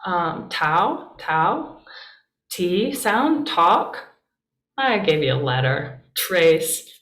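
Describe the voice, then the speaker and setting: Woman pastor teaching, slow easy pace, chatty with lots of ums, echoey church room. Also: on the low side, big pitch swings, fairly bright tone. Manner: chatty and encouraging, with many fillers. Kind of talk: casual classroom teaching. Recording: roomy echo.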